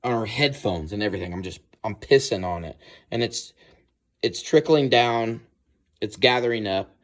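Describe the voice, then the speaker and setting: Profane, low-voiced male storyteller. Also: normal speed. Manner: profane, animated, acts out scenes. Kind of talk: casual comic storytelling.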